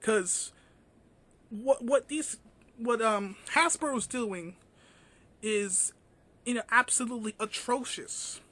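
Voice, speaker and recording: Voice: medium pitch, takes it slowly, long pauses, sharp tone. A vlogger giving an indignant, ranting commentary, full of fillers and swearing.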